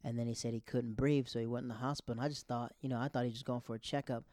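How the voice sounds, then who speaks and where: A man in his thirties telling a casual personal story about a friend's late father, halting and restarting often, in a grieving state. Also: medium pitch, flat delivery, darkish tone. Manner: rambling, halting, with many restarts.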